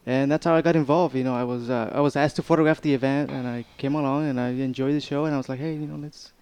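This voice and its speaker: Fast-talking man, clear voice, hesitant. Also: medium pitch, fairly even intonation, darkish tone. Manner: hesitant, filler-heavy, rambling. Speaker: guest photographer. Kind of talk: casual interview chat.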